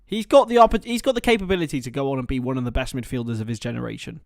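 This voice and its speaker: A young British man hosting a live football watchalong, mixing excitable play-by-play with rambling banter. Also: mid-range voice, rapid-fire, vocal fry, dry recording, studio quality. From Britain. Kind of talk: casual live match commentary and chat.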